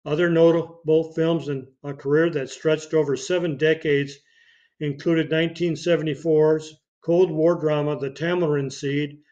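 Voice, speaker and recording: A man hosting a podcast, reading obituaries with dates and film credits in a steady way, now and then slipping and starting a phrase again. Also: a little high. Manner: reads dates and credits steadily, with occasional slips and restarts. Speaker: podcast host. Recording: dull lo-fi podcast audio.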